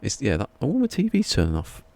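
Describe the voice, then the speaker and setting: A man's voice: medium pitch, wildly swooping pitch, fairly quick, gravelly, mellow. A man with an English accent chatting casually on a live stream, rambling and chuckling as he reads the chat, a little drowsy. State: a bit drowsy.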